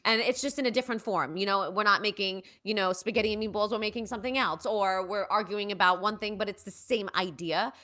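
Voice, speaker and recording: A woman's voice: medium pitch, quick pace, hardly any pauses. A young woman, a playwright and performer guest chatting casually and acting out her family's voices as she tells stories. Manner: lively storyteller, acts out family voices, laughs often. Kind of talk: casual interview chat.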